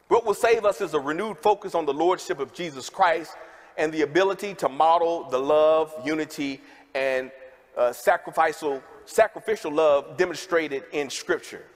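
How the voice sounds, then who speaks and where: A man with a notably high voice preaches to a gathered congregation, folksy and direct, calling out to the people in the pews. His words ring out with a long reverb from the big worship hall. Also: moderate pace. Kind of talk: sermon.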